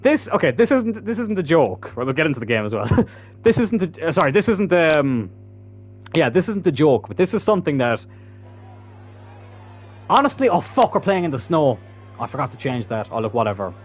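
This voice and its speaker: A man talks through a football video game in a loose, conversational way, cursing freely. His voice sits a little high and swings widely in pitch, and he keeps up a relaxed, running commentary. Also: brisk. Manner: chatty, swearing, bursts into loud laughter. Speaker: gaming YouTuber. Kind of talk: casual gameplay commentary.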